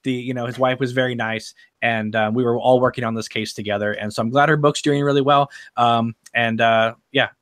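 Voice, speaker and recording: Halting, wry man in chat. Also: mid-range voice, steady tone, fairly bright tone. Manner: halting, many restarts, wry. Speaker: podcast co-host. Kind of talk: casual chat.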